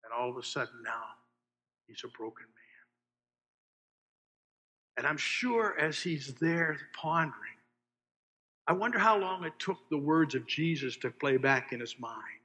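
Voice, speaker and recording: Man, preacher, sermon, bright voice, fairly high pitch, long hall reverb. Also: expressive, unhurried, pauses often. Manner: swings from loud emphasis to hushed, asks the congregation questions.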